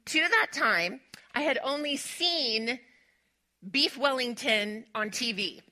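Bright-voiced woman pastor telling a story. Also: high voice, expressive, slow pace. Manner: chatty and warm, laughs often, gets emotional. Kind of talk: sermon with personal storytelling. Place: church sanctuary.

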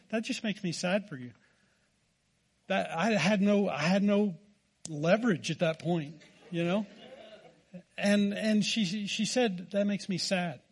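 High-voiced folksy American pastor. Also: male voice. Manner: folksy storytelling, self-deprecating humor. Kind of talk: sermon.

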